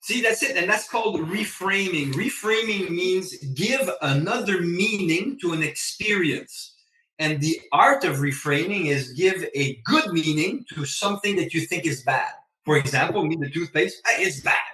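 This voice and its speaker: A man chats as a podcast guest, telling stories with lively, swooping pitch and acting out his own lines. His voice is bright and fairly high. He sits away from the mic in an echoey room. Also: normal speed, recorded from a distance. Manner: animated storyteller, acts out his own lines. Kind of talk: casual chat.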